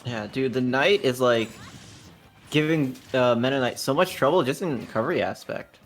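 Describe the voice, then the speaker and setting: A man giving casual color commentary on a fighting-game match, explaining plays in a relaxed way and laughing easily. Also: mid-range voice, moderate pace, faint music behind. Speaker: esports co-commentator.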